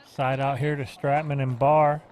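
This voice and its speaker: A man calling play-by-play on a pickleball match, giving scores and player background in a steady way. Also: medium pitch, measured pace, a little hiss or hum. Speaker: play-by-play commentator. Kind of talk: sports play-by-play commentary.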